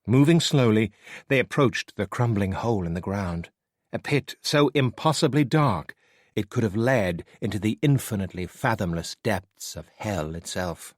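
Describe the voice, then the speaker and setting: Brief: low, husky male narrator, dry close recording, dramatic audiobook reading. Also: normal speed, dry recording. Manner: expressive, dramatic storytelling.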